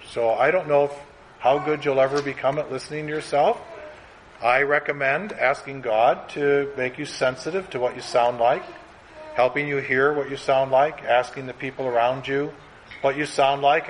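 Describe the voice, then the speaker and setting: A man teaching a class in a classroom. He talks in an earnest, conversational way, now and then quickening as he acts out an example. His voice sits in the middle range, with a faint background hiss. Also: medium pitch, low-quality recording. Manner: earnest, conversational, speeds up when acting out examples.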